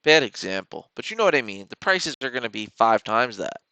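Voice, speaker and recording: Male trading streamer, casual joking rambler; crisp, gravelly tone. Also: medium pitch, big pitch swings, fairly quick, pushed and bright, no room sound. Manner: joking, rambling, talks to the chart. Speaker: stock trading livestream host.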